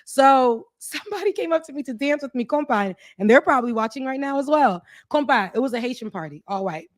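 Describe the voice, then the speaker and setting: Woman, co-host, casual chat, chatty storyteller, fairly high voice, dry sound. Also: animated, a little fast, no room sound. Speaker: show co-host.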